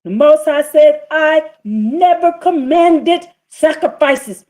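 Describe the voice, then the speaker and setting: Fiery preaching woman, higher voice. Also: slow, a little mellow. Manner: fiery, scolding, reads scripture in rising bursts. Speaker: preacher streaming a scripture reading. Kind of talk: impassioned live-stream sermon.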